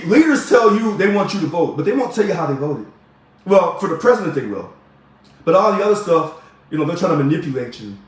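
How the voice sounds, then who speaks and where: Man, argumentative commentary vlogger, high voice, heavy room echo. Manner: emphatic, preachy, argumentative. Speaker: video blogger. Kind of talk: direct-to-camera political commentary. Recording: very echoey room.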